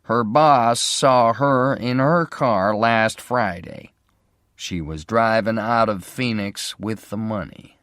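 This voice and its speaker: A flat, unfriendly private detective speaks in slow, deliberate words, as a male narrator plays him. He lets each phrase land with measured weight. The recording is close and dry. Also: fairly low pitch, no echo. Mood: calm reassuring.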